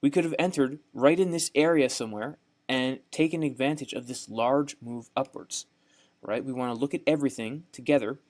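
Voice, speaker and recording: A darkish-toned, mid-range male voice at a moderate pace guides a screen-share trading lesson. The young Southern US speaker is folksy, repeats points, and regularly asks "right?"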